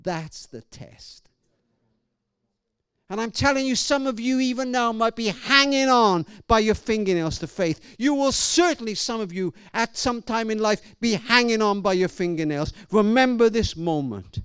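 A man's voice: high-pitched, animated, measured pace, a bit bright, smooth, dry recording, studio quality. A man preaching a sermon, telling a story emphatically and dramatically, often restarting his sentences.

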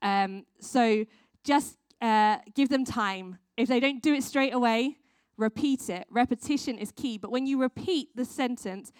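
A woman's voice: on the high side, measured pace, smooth, no echo, clean studio sound. A woman who works with children, giving a casual training talk to church volunteers, with lots of ums and restarts. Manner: chatty, many ums, restarts. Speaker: children's worker.

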